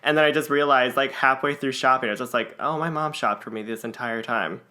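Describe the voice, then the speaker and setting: A young man co-hosting a podcast in casual chat, who jumps in with quick jokes and laughs often. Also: mid-range voice, steady tone, pushed and bright. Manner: quick reactions and joking interjections, laughs often. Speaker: podcast co-host.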